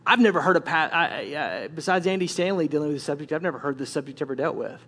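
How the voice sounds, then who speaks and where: A man's voice: on the high side, fast talker, a bit bright. A male pastor preaching a candid, conversational sermon with frequent restarts.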